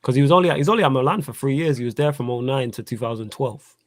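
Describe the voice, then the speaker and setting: A man's voice: medium pitch, rapid-fire, no echo. A man hosting a casual sports chat, laid-back and slangy as he reads viewer questions. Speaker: host.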